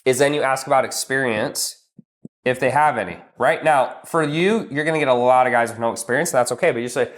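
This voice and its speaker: A man talking plainly as a business coach, with a medium-pitched voice. He lays out his points step by step, blunt and a little profane, tagging "right?" onto his sentences. It sounds like an unscripted, casual advice chat. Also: a little fast. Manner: blunt and emphatic, swears, calls listener "bro"; walks through numbered steps, often tags "right?".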